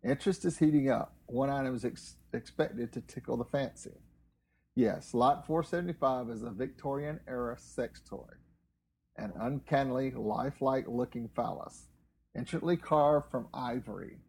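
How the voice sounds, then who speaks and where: A man's voice: mid-range voice, moderate pace, gravelly, a little mellow, slight background noise, rough recording. A man co-hosting a casual talk show, reading news articles aloud in a dry, matter-of-fact way with offhand asides. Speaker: co-host reading news stories.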